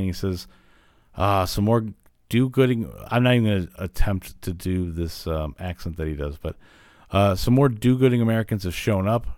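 A man with a lowish voice recaps an old cartoon for his podcast, rambling along with plenty of "uh"s and "like"s. He grew up in Illinois. The sound is dry and close, with almost no room around it. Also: darkish tone, no echo. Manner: rambling, filler-heavy retelling. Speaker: podcast host. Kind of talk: casual recap of a cartoon episode.

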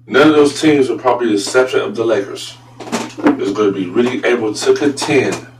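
A man hosting a casual sports talk show, blunt and profane, often turning loud and incredulous. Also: medium pitch. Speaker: sports podcast host. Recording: roomy echo, voice a bit far from mic, faint hum.

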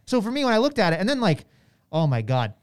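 Animated, lively-pitched woman ranting. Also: quick pace. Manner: animated ranting, acts out quotes in mock voices. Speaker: podcast co-host. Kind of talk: casual opinionated chat.

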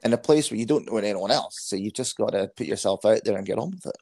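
A Scottish man in his thirties with a fairly low voice, talking as a guest on an interview podcast. He tells his stories frankly and pokes fun at himself. The recording is dry and close, with no room sound. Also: fast, a little mellow, dry recording. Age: 30s. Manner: frank, anecdotal, self-deprecating. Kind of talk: casual interview storytelling.

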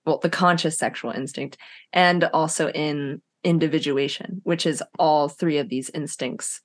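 A woman's voice: low-pitched, fairly even intonation, measured pace, no room sound. A woman co-hosting a podcast, talking casually and thoughtfully about psychology and myth, with many fillers. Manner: thoughtful, meandering, with many fillers and bursts of laughter. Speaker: podcast co-host.

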